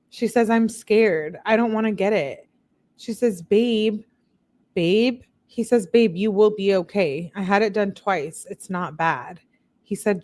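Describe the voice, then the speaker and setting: A woman hosting a show, reading text messages aloud in a plain, steady way and breaking off for blunt, disbelieving asides to her viewers. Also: medium pitch. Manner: reads chat comments aloud to viewers. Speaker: channel host.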